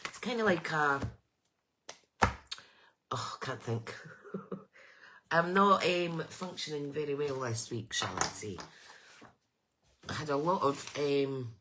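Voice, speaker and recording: A woman's voice: low voice, lively intonation, slow, long pauses, noisy background. A middle-aged woman hosting a chatty craft live stream with a bunged-up nose, rambling and greeting viewers by name. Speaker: craft livestream host.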